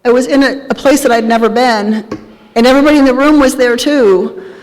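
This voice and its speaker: At a live event in a large, reverberant hall, a woman in her thirties or older tells her recovery story to a meeting. Her voice is fairly high, a little fast and slightly mellow, and she tells it candidly and with humor.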